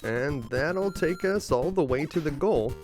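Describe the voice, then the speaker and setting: A man host narrating a scripted video game walkthrough in an upbeat, lightly joking way, over clear game music. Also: on the high side, lively intonation, a little slow.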